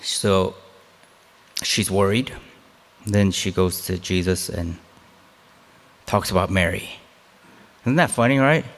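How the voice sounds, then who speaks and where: A man delivering a relaxed, conversational sermon as a pastor. His voice has a gravelly edge, and he takes his time, slipping into self-deprecating asides. The recording carries a long hall reverb. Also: deep voice, slow pace, pauses often.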